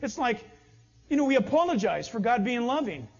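Animated high-voiced preaching man. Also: a little fast. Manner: animated preaching, acts out little dialogues. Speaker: pastor. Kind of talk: sermon. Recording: dull lo-fi sound.

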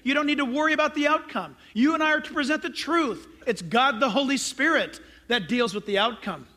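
A man's voice: very high voice, brisk, bright, forceful tone. A male pastor preaching a sermon, emphatic and direct, firing rhetorical questions at his congregation.

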